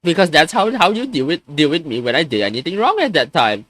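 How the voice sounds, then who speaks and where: Agitated young man venting with lively pitch. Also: fast, dry recording. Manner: frustrated, swearing, stammering restarts. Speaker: streamer. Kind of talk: venting on a live stream.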